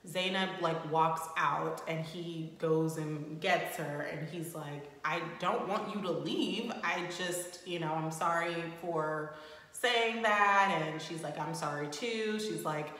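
A woman's voice: sits low, takes it slowly. Chatty young woman in an echoey room. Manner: chatty, reacts with bursts of loud shocked indignation. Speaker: recap host. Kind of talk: casual recap commentary. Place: home room. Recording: roomy echo with long reverb.

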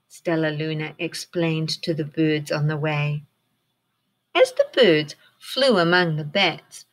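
A woman's voice: sits low, a little slow. A woman teacher reading a picture book aloud to children, encouraging them and asking them questions. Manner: encouraging, asks the listeners questions.

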